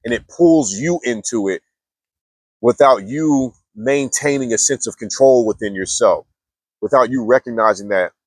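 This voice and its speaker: A man's voice: medium pitch, moderate pace, no echo. Laid-back slangy young man, dry sound. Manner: laid-back slangy talk with many restarts. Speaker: mindfulness vlogger. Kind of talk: casual storytelling monologue.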